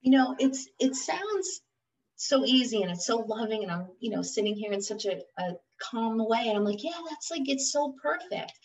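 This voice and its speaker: A woman's voice: fairly high pitch, normal speed, a little mellow. Chatty woman, a bit off-mic. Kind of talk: conversational podcast chat. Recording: voice somewhat distant from mic.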